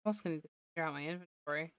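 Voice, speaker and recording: A woman's voice: low-pitched, racing, clear, resonant tone, no room sound. A woman streamer giving casual gameplay commentary, talking to herself and laughing often, her voice slightly worn. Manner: chatty self-talk, laughs often.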